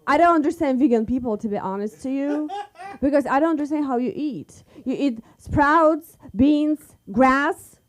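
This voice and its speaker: Animated woman doing stand-up. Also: high-pitched, moderate pace. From Kazakhstan. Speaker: stand-up comedian. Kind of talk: stand-up set.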